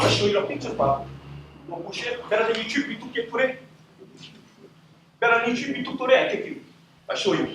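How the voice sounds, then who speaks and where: A man's voice: extremely high pitch, a little hiss or hum. A man with a Hawaiian Pidgin accent giving impassioned, emphatic testimony at a community meeting, repeating himself and calling listeners "bro". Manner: emphatic, repetitive, swearing, addressing officials as "bro". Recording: echoey hall from far off.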